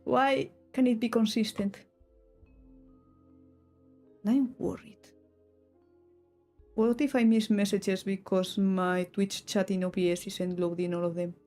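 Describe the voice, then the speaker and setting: Woman, Spanish accent, young adult, casual stream chat, rambling, restarts sentences, mellow voice, faint music behind. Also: medium pitch, fairly even intonation, measured pace. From Spain. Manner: rambling, self-interrupting, giggly asides.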